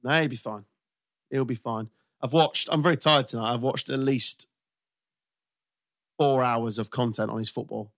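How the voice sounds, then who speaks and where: A man's voice: mid-range voice, fairly even intonation, normal speed, long pauses, fairly bright tone, no echo, studio quality. A man hosting a casual football podcast chat, bantering and laughing often. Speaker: podcast host.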